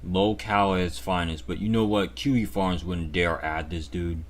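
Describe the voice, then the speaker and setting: A man's voice: low voice, fairly even intonation, normal speed. A man hosting his channel and giving reaction commentary in a sarcastic mock rant that turns blunt and profane. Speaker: channel host.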